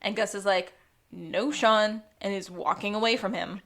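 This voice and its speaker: A woman's voice: medium pitch, steady tone, brisk, fairly bright tone. A woman co-hosting a podcast, reading her notes aloud and quipping while recapping a TV episode. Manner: reads her notes aloud, playful quips. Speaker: podcast co-host. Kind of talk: casual chat recapping a TV episode.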